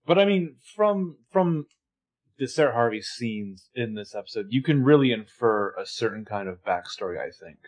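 A man co-hosting a podcast, recapping a TV episode in casual chat and acting out quoted lines. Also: mid-range voice. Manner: animated retelling, quick quoted voices. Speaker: podcast co-host.

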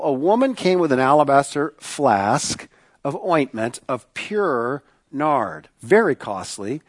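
A man preaching a sermon in a conversational, questioning way, repeating his points for emphasis. His voice sits fairly high for a man. The sound is dry and close, with little room echo. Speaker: pastor.

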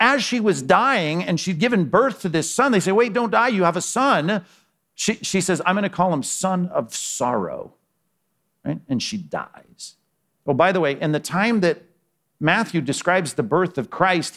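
A male pastor delivering a sermon with a lively, swinging pitch that sits a little above the usual for a man. He talks to his listeners casually, firing off rhetorical questions and dropping his voice low to press a point. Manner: conversational preaching with rhetorical questions and sudden drops in voice.

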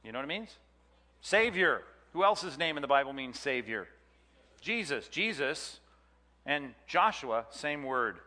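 Teacher, man, bright chatty delivery, quizzes the room, long hall echo. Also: medium pitch, big pitch swings, unhurried. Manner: chatty, jokey, quizzes the class. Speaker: Bible teacher. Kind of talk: classroom lecture with audience questions.

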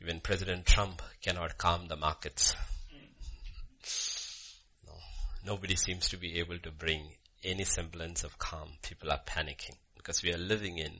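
Male pastor, fervent sermon delivery; bright, husky tone. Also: low-pitched, little pitch movement, normal speed. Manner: fervent, emphatic, repeats phrases, swings between loud and hushed. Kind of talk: sermon with opening prayer.

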